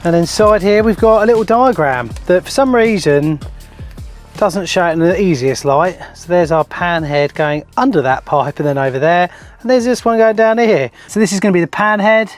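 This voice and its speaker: A man's voice: high-pitched, animated, normal speed. Plumber guy, chatty and jokey, vlogging a job indoors, music playing behind. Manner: chatty, jokey, talks to the viewers as he works. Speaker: plumber and channel host. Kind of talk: casual DIY vlog chat. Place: house interior and loft.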